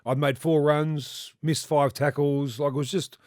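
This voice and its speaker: An Australian man in his fifties spins rambling, animated stories and swears freely. His voice sits a little high for a man, and it is recorded close and dry with no room sound. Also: unhurried, no room sound. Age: 50s. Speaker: former rugby league player, podcast regular. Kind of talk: casual storytelling chat.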